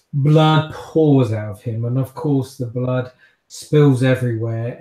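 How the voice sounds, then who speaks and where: A man narrating a tabletop game as game master, telling the story slowly and deliberately. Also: medium pitch, mellow. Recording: echoey room.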